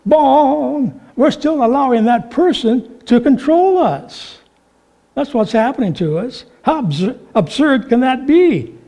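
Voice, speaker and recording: A man preaching a sermon, telling stories with animated delivery and acting out the voices in them. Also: extremely high pitch. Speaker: pastor.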